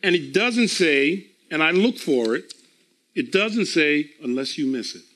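A man preaching a sermon, emphatic and deliberate, repeating phrases for effect. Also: fairly high pitch, lively intonation, a bit bright. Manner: slow and deliberate, drawn-out pauses.

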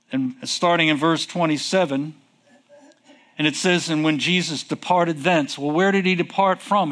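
Male pastor, high voice, slow, deliberate sermon delivery with rhetorical questions. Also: a bit bright.

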